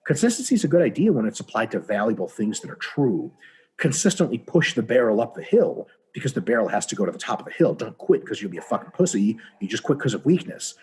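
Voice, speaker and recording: This is a husky-voiced man chatting as a podcast guest. His pitch swings widely as he talks, he swears freely, and he keeps slipping into quick acted-out exchanges. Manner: profane, animated, acts out dialogue in quick voices. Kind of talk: casual podcast conversation.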